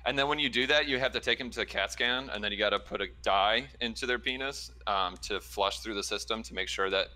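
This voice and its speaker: This ER trauma nurse from around Chicago has a fairly low voice and talks briskly, barely pausing. He's spinning a laid-back story in casual conversation, full of fillers and laughs.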